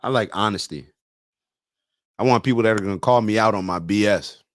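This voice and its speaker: A man hosting a morning podcast, talking bluntly and casually with slang, now and then joking in a high singing voice. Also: brisk, no room sound. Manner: blunt, slangy, animated, breaks into falsetto singing jokes. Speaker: morning show host. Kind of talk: casual motivational podcast talk.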